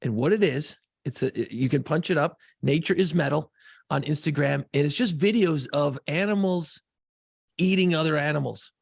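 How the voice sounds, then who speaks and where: A man co-hosting a podcast, telling a profane, excitable story in casual chat. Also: fairly high pitch, moderate pace, no room sound, clean studio sound. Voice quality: gravelly, husky voice. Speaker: podcast co-host.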